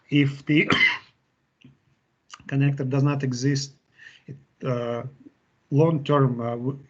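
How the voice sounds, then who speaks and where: A man presenting a live webinar, answering chat questions and wrapping up. He talks in a halting way, with frequent fillers and restarts. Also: medium pitch, a little mellow. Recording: dull, lo-fi webinar audio.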